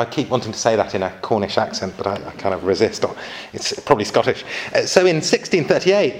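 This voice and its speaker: A man giving an informal church history lecture, adding chatty asides and asking his listeners questions. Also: mid-range voice.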